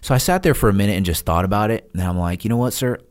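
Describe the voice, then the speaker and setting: Very deep-voiced man telling a story. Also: rapid-fire, smooth. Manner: animated, acts out quoted dialogue with laughs. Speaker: podcast guest, retired Navy SEAL. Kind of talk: casual storytelling.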